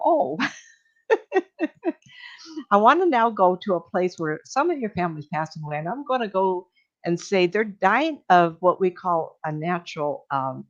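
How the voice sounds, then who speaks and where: An older woman, a medium, telling chatty, meandering stories to a live audience, laughing and acting out what people said. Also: on the low side. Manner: chatty, meandering storytelling with laughs and acted-out quotes. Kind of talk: storytelling talk to a live audience. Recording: dull lo-fi recording.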